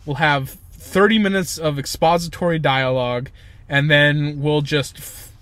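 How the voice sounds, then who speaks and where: A man's voice: fairly high pitch, fairly even intonation, measured pace, a bit bright, no echo. Ranting, swearing young man, dry sound. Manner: profane, ranting, emphatic. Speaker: podcast co-host. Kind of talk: casual chat.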